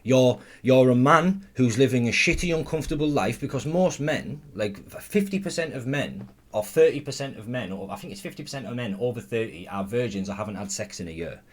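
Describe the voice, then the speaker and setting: A man's voice: medium pitch, animated, brisk, few pauses. A man giving blunt, profane, sarcastic running commentary. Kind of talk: ranting commentary.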